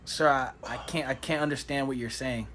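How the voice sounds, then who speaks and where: A woman's voice: rumbling low, brisk, fairly bright tone, slight background noise. A woman voicing a polite, formal clinic receptionist.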